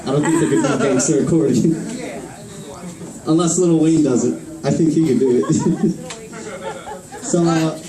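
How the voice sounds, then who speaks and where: A man's voice: on the high side, moderate pace, pauses often. A man in his twenties doing a rambling, profane stand-up set at an open mic, chuckling at his own jokes. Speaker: stand-up comedian. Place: small bar open mic. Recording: echoey room, far mic, crowd laughter. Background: audience laughing.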